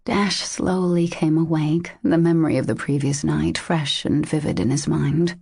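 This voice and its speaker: A woman narrating a romance audiobook in a steady, measured way. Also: low voice, gravelly, breathy edge, dry recording, studio quality. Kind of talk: scripted narration.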